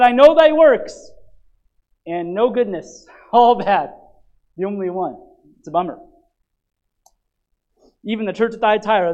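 High-voiced man preaching a lively sermon. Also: highs cut off. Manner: animated, emphatic preaching with frequent restarts. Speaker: pastor. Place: church.

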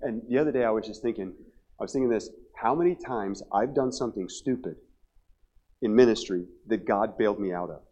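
Fast-talking fortysomething pastor preaching. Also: male voice, on the low side. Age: 40s. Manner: humorous storytelling, rising to loud emphatic preaching. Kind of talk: revival sermon. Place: church sanctuary.

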